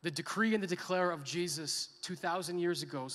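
High-voiced, bright male preacher in a reverberant hall. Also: normal speed. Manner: builds to impassioned crying out, drops to soft intense emphasis. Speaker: pastor. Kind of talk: sermon. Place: church sanctuary.

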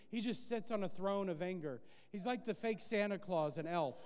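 Animated male preacher, very high voice, laughs often, long hall reverb. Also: moderate pace, few pauses, clean tone. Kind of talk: sermon.

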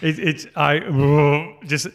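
A man's voice: fairly high pitch, fairly even intonation, very slow, creaky. A man in casual chat, talking in a chatty, self-mocking way and laughing often. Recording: long hall reverb.

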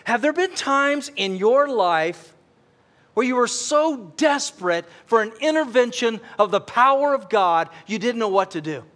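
A middle-aged pastor preaches in a notably high voice. He tells a personal story with earnest warmth and presses his points with fervent emphasis. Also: lively intonation, measured pace. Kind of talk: sermon.

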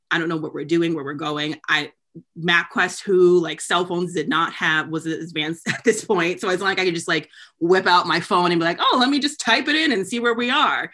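A young woman from New England telling a story in casual chat, animated, laughing and swearing, with lots of "like". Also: on the low side. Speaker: podcast co-host telling a story.

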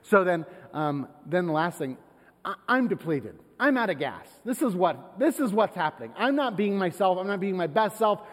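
Pastor, male, lively storyteller, slightly high voice, long church reverb. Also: normal speed. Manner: conversational, animated storytelling with laughs. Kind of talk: sermon with personal story. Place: church sanctuary.

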